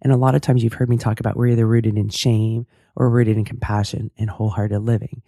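Hoarse, gravelly woman podcast host. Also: extremely low pitch, little pitch movement, brisk, warm tone, dry recording, clean studio sound. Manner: earnest, thoughtful, self-deprecating. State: hoarse, cracking voice. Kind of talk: casual interview chat and solo reflection.

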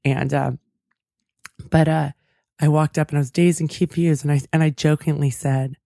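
A woman's voice: low-pitched, fairly even intonation, normal speed, gravelly, long pauses, warm tone, no room sound, clean studio sound. A woman hosting a talk show, telling a personal story in a chatty, reflective way with lots of asides. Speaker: podcast host. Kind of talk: casual storytelling monologue.

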